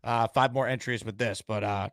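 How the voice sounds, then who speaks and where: A man's voice: fairly low pitch, steady tone, moderate pace, fairly bright tone, no room sound, studio quality. A man hosting a live-streamed call-in show, upbeat and hyping up callers and superchats. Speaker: host.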